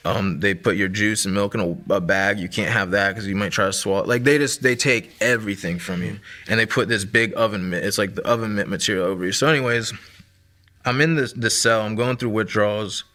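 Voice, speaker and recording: A man's voice: fairly low pitch, a little fast, sharp tone. A man in his thirties sharing a personal testimony in a casual, conversational way, full of fillers like "like" and "man".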